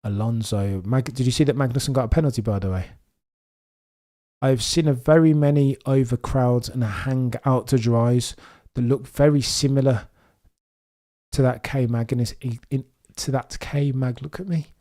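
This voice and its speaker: A man from Birmingham with a mild Birmingham accent, hosting a live watchalong stream and chatting excitably with his viewers. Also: medium pitch, moderate pace. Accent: mild Birmingham English. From Birmingham, England. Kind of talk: live streaming commentary chat.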